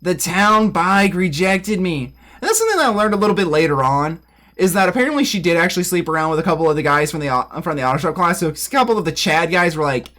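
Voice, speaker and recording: A man's voice: a little high, sing-song, racing, a bit bright. A man streaming a game, rambling in crude, casual banter and dropping "dude" often. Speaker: gaming streamer.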